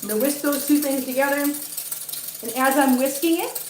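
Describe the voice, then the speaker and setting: A woman's voice: sits high, normal speed, a little mellow, echoey room, slight background noise, rough recording. A woman chatting casually on a livestream while she cooks in her home kitchen, teasing her viewers and cooing at her cats. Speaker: cat vlogger cooking on a livestream. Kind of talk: casual live-stream chat while cooking.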